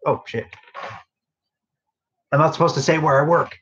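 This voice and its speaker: This fairly high, slightly bright voice belongs to a young podcast host who keeps a steady tone at a moderate pace, leaving long pauses. Recorded on a phone beside his bed, the audio has its highs cut off and slight background noise, and he rambles tiredly through a work story full of fillers and asides.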